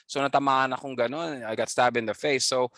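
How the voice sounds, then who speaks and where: A man's voice: mid-range voice, steady tone, fast, fairly bright tone, no room sound. Middle-aged Filipino man, casual interview guest; chatty storyteller, laughs a lot, dry close sound. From Philippines. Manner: chatty, laughs often, many fillers. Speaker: guest, band founder.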